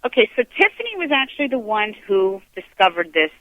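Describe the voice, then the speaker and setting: A man's voice: high voice, very animated, brisk, dry recording. A man hosting a radio show, chatting casually with a guest and gushing with praise. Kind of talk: casual interview chat. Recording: tinny phone line.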